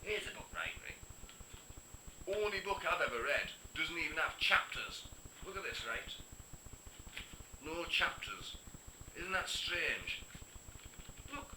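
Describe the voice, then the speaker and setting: A man doing a deadpan comic rant to camera, grumbling and muttering, often dropping into half-whispered asides. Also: on the high side, slow, long pauses. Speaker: comic vlogger. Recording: echoey room with background noise.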